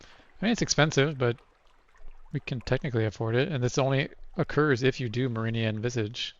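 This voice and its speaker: A man with a gravelly, fry-laden voice talks through a game as he plays, weighing each choice aloud and reading the on-screen text. The sound is dull and lo-fi, like a home recording. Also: mid-range voice, fairly quick. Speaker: let's play host. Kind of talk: casual let's play commentary, reading game text aloud.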